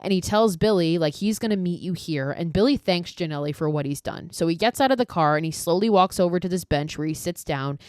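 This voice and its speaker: A woman with a lowish, slightly mellow voice talks a little fast with hardly any pauses as she hosts a podcast. She recaps a film casually, swearing freely and saying "like" often, in studio quality with no echo.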